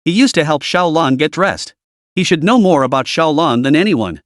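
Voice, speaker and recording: A man voicing a level-headed young noble son in an animated story recap, speaking evenly and thoughtfully. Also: fairly high pitch, moderate pace, no echo, studio quality, natural voice. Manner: even, thoughtful.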